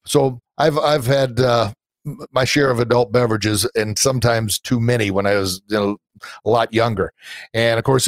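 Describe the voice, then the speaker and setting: A middle-aged man hosts a live-streamed podcast in an earnest, soft-hearted way, wandering through his points with plenty of fillers. His voice sits at an ordinary pitch for a man and sounds close and dry. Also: moderate pace, no room sound. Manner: earnest and sentimental, rambling with fillers. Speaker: podcast host and anti-bullying coach.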